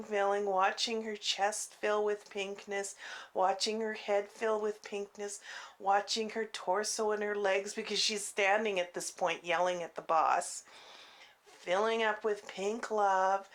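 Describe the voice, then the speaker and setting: Slow, halting woman telling a story. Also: a little high. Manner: unhurried, halting, full of "you know" and restarts. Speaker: faith vlogger. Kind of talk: casual personal storytelling. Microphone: clip-on mic she keeps bumping.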